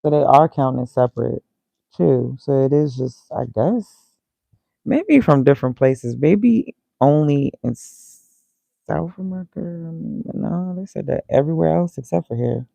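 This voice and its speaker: A man's voice: on the high side, a little slow, gravelly, dark tone, no echo, rough recording. A man casually thinking aloud as he reads, muttering and reacting to himself. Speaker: vlogger.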